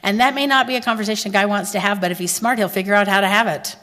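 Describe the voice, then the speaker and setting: A woman from Texas with a Texan accent speaks at a conference in a chatty, animated way. She tells stories and asks her audience questions. Her voice has an ordinary middle pitch and carries a long reverb from a large hall. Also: very fast. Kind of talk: conference talk.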